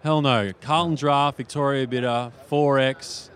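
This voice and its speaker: A man's voice: mid-range voice, fairly even intonation, unhurried, smooth. A man with an Australian accent, a visiting reporter chatting and trading banter on a live radio show. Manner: chatty storyteller, slang-laced banter. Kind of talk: casual radio chat. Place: busy outdoor broadcast row.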